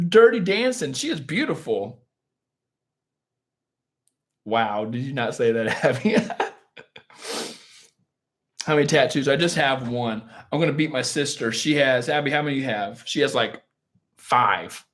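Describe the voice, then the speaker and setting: A man's voice: medium pitch, fairly bright tone. A man hosting a live stream, chatting casually and answering viewer questions in a joking, self-mocking, rambling way, often laughing.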